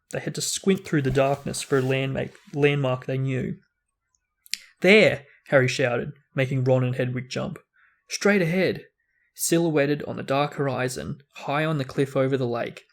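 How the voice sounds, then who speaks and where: A man hosting a book discussion, reading a novel aloud expressively and now and then repeating a word. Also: mid-range voice. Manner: expressive reading with small restarts.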